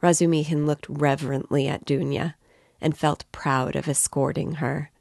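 A woman reading a classic novel aloud in an even, clear storytelling manner. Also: sits low, normal speed, dry recording, studio quality. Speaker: reader of a novel.

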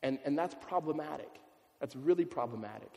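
Conversational preacher in a reverberant hall. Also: male voice, fairly high pitch, expressive, fairly quick, gravelly, a little mellow. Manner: conversational, often asks "right?" and repeats words. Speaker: pastor. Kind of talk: sermon.

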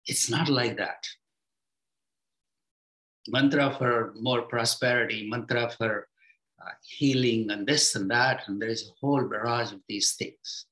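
With a steady tone, a male spiritual teacher speaks reflectively and slowly. His voice sinks quiet and low whenever a phrase comes to a close.

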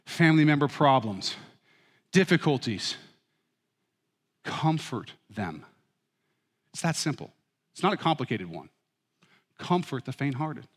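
A middle-aged man preaching a sermon as pastor, with humorous, animated storytelling. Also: on the high side, measured pace, long pauses. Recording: reverberant hall.

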